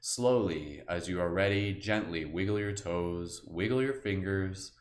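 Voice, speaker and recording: A man with a very low voice guides listeners through a meditation. He talks slowly and softly, then shifts into relaxed, filler-heavy chat. The sound is roomy and echoey. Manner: slow, soft guiding voice, relaxed filler-heavy chat afterward. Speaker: meditation guide and live stream host. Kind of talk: guided meditation on a live stream.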